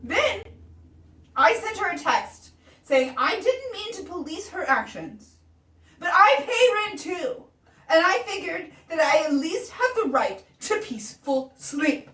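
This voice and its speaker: High, giggly woman reading posts. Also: very animated, unhurried, a bit bright. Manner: reads posts aloud with giggles, playful. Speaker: co-host reading posts aloud. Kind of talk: casual reading and chat on a stream. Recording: roomy echo, distant from the mic.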